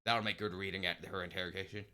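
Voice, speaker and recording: A man doing a gruff, wry smuggler pilot. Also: sits low, steady tone, fast, bright, forceful tone. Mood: tense. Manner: wry, muttering. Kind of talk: live-streamed story reading.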